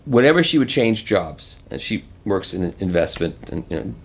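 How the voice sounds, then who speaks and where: A man in his seventies telling stories in an interview, animated and chuckling as he acts out other people's lines. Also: deep voice, moderate pace, slight background noise. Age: 70s. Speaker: interview guest. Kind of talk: casual anecdotal storytelling.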